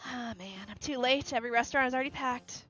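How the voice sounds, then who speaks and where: A woman's voice: sits high, fast, fairly bright tone. A woman reading aloud as a cheerful young heroine exploring a city, with faint music behind on a lo-fi recording. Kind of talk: reading game dialogue aloud.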